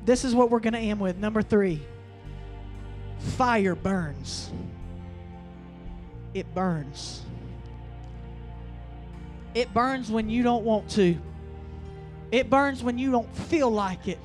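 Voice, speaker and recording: A man delivers a fiery revival sermon in a strikingly high voice. He drives key lines loud, then draws others out slow and heavy. Faint music plays behind him. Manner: preaching with rising bursts and slow emphatic lines. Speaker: preacher.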